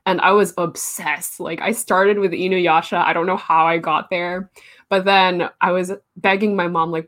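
A woman's voice: fairly low pitch, steady tone, moderate pace, fairly bright tone. A young woman artist in a casual interview, chatty and laughing often, with many fillers.

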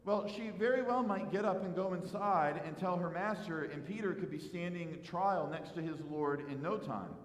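A man preaching an expository sermon as pastor, animated, acting out the quoted dialogue. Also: high-pitched, normal speed, hardly any pauses. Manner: animated, acts out quoted dialogue, some repeated words. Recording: echoey hall with long reverb.

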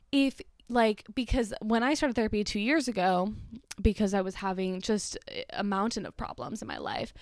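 A young woman talks straight into a close podcast mic, rambling through a personal story with blunt swearing and self-mocking asides. Her voice sits at an ordinary pitch for a woman, and the recording is dry, with no room sound at all. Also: no echo. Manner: chatty, swears freely, self-deprecating asides. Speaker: podcast host. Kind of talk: casual solo podcast storytelling.

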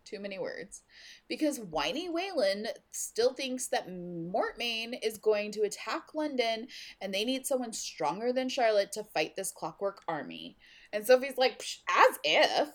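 A woman's voice: fairly high pitch, animated, a little slow. A woman in casual talk, retelling a tabletop game session with frequent laughter. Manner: chatty, laughs often, storytelling. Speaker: game recap host.

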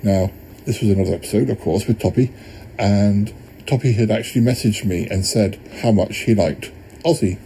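Low, mellow-voiced male podcast host. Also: moderate pace, a little hiss or hum, rough recording. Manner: rambling, with many ums and restarts. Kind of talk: casual retrospective narration.

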